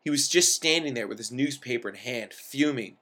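A man's voice: medium pitch, fairly quick, sharp tone. A man reading a first-person story aloud in a wry manner, lingering over descriptive words.

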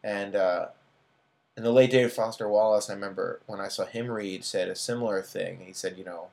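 A man's voice: fairly low pitch, fairly quick, creaky. Man, thirties, author, reading own fiction aloud, casual asides, fillers. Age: 30s.

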